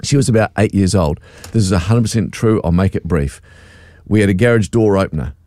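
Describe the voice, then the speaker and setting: A man's voice: deep voice, fairly quick, no room sound, studio quality. A middle-aged man, co-hosting breakfast radio and telling a story with plenty of laughs. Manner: animated storyteller, laughs often. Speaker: radio show co-host. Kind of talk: casual breakfast radio chat.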